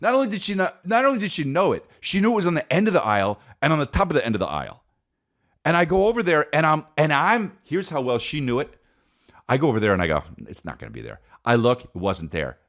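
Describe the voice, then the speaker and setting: A male comedian with a low voice that swings wildly up and down as he rants, swearing freely and calling everyone dude in a loose, rambling monologue. he keeps bouncing between big excited jumps and mumbled asides. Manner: animated, profane, addresses listener as dude. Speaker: comedian podcast host.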